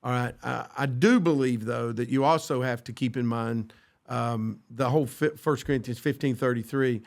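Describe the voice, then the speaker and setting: A man's voice: mid-range voice, steady tone, moderate pace, vocal fry. A man co-hosting a church podcast, talking earnestly about friendship and quoting scripture, with frequent restarts. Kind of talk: casual faith discussion.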